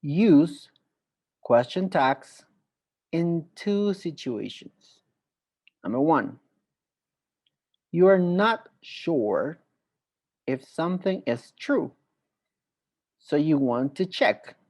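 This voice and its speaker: Slow, deliberate male English teacher. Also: a little high, very animated, a little mellow. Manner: slow, deliberate explaining with spoken examples. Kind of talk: online grammar lesson.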